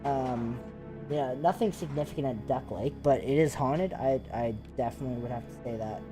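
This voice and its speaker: A man who hosts a paranormal investigation channel, telling ghost stories in a casual live chat with excited, rambling talk full of fillers. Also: medium pitch, normal speed, over music. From Canada.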